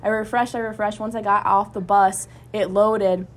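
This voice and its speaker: A young college student who belongs to a student club tells a story during a casual podcast chat. She speaks at normal speed with a medium-pitched voice, animated and loaded with fillers.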